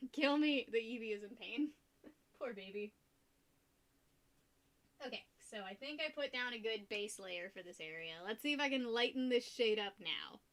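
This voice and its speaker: A young woman streaming while she paints, chatting casually, rambling and laughing often, and getting loud when excited. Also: fairly high pitch, unhurried, pauses often.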